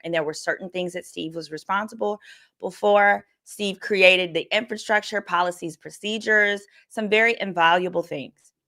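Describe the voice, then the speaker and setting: Bright-voiced woman attorney livestreaming. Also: mid-range voice. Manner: candid, casual, reads viewer comments aloud. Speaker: attorney and host. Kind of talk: livestream legal commentary.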